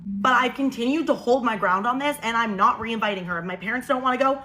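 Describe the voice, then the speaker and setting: A young woman speaks straight to her listeners in a casual storytime monologue. Her voice is bright and a little high. She talks in an animated, incredulous way. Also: fast, a little hiss or hum, rough recording. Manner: animated, incredulous, quotes people in changed voices.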